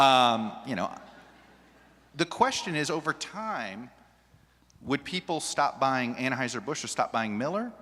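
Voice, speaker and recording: A television journalist speaking on a panel, animated and often restarting his sentences. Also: medium pitch, moderate pace. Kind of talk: panel discussion. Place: large hall with an audience. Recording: long reverb of a large hall.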